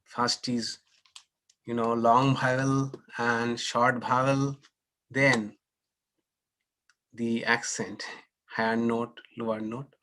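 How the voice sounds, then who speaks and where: A man teaching a scripture class as a swami, leading slow chants and explaining pronunciation in an online session. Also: mid-range voice, level tone, sharp tone. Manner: slow measured chanting with repetitions. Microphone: online class, unmuting participants.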